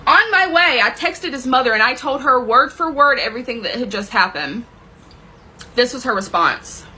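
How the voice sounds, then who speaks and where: A woman's voice: a little high, lively intonation, moderate pace, sharp tone, slight background noise, poor audio. A woman telling a dramatic personal story with plenty of swearing, intense and emotional in her retelling. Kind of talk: personal story told to camera.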